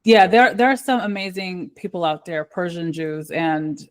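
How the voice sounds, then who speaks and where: A woman hosting a podcast, asking questions in a casual, soft-spoken and slightly hesitant manner. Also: fairly low pitch, moderate pace. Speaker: podcast host. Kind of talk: conversational interview.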